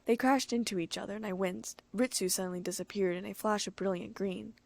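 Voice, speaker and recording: Gravelly woman reading a fanfiction story. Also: no echo. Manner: brisk reading, raising pitch for excited characters. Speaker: audiobook narrator. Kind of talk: first-person fanfiction reading.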